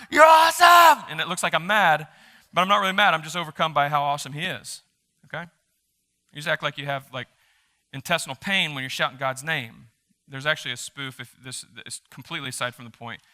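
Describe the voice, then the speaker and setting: A man preaching a sermon as a pastor, reading scripture aloud with energy and dropping into quiet offhand asides. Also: on the high side. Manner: animated, shifts between loud reading and quiet asides. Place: church sanctuary. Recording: reverberant church hall.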